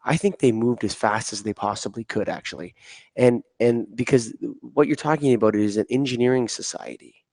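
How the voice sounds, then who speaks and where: A man's voice: medium pitch, moderate pace, darkish tone, no echo. A man hosting a podcast interview at a conference, easygoing and chatty, with many fillers and restarts. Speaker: podcast host. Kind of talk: casual interview. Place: conference venue.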